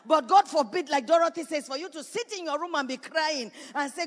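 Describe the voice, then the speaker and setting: Female pastor, very high voice, fervent repetitive preaching, long church reverb. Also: normal speed, hardly any pauses. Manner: preaching with rising shouts and repetition. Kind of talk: sermon.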